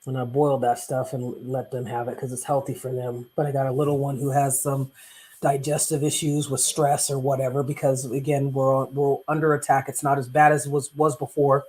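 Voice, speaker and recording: A man's voice: medium pitch, little pitch movement, brisk, a little mellow, breathy edge. A man hosting a casual live stream as a coach, rambling and preachy with self-interruptions, who recites psalms aloud.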